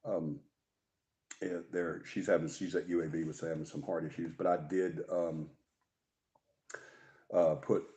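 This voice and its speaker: A man's voice: sits low, little pitch movement, measured pace, long pauses, dark tone. A man hosting a paranormal talk show in casual, rambling live-stream chat, joking and restarting his sentences. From Alabama.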